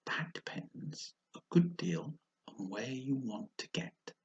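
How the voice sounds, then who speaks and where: A man voicing a sly, grinning talking cat in a storybook reading, often slow and whispered. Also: mid-range voice, animated, muffled recording.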